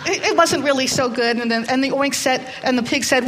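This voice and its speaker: A woman's voice: sits high, fairly quick, a bit bright, slight background noise. A woman telling a story live to children in a hall, hesitant, with many fillers, drawing in the audience.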